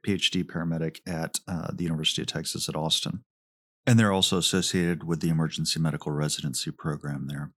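A man's voice: low-pitched, fairly bright tone, dry recording, clean studio sound. A man reviewing a research paper in a methodical lecture, with casual asides. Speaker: EMS educator reviewing research.

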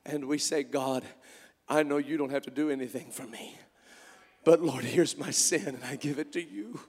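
Shouting preacher in an echoey church. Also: male voice, fairly high pitch, moderate pace, breathy edge. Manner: swings from quiet storytelling to shouted preaching. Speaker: pastor. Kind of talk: sermon.

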